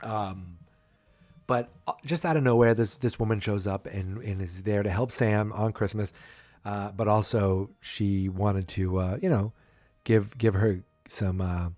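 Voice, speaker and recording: A man's voice: fairly low pitch, a little slow, dark tone, no room sound, soft background music. A man hosting a podcast, casually recapping a TV episode with a rambling manner full of restarts and fillers. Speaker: podcast host.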